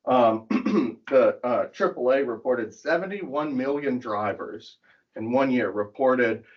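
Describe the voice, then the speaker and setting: A man's voice: medium pitch, slow pace, muffled recording. A man teaching a church class in a casual, conversational way, telling jokes and stories. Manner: conversational, tells jokes with acted voices.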